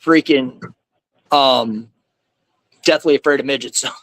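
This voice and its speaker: A man speaking as a guest in casual conversation, telling stories in an animated way and acting out the people he quotes. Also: mid-range voice, a little slow, no room sound, rough recording. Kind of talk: casual storytelling.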